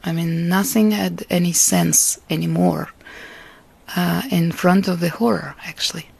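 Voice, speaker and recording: A woman from Russia, a Russian native speaker, giving an interview about her life and art in an earnest, reflective way, with soft laughs between thoughts. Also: lowish voice, steady tone, measured pace, vocal fry, breathy edge, no room sound. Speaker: artist and interviewee. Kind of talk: interview answers.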